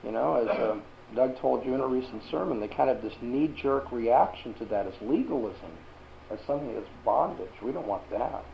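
A man's voice: mid-range voice, animated, fairly quick, creaky, dark tone, slight background noise, rough recording. A man teaching a Bible lesson to a class and asking them questions.

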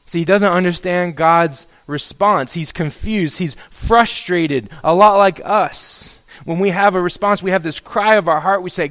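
During a sermon, this pastor reads from scripture, explains it, and then plays a prophet pleading and complaining to God, growing more intense as he goes. He speaks with a high, somewhat bright voice, a little slowly.

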